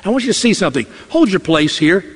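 A man's voice: high-pitched, sing-song, quick pace, breathy edge, big-room sound. A man preaching an expository sermon, emphatic and acting out quoted lines in character.

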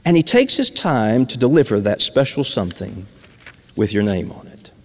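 A man's voice: lowish voice, wildly swooping pitch, normal speed. A man preaching a sermon, earnest and repeating phrases for emphasis. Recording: long reverb of a large hall.

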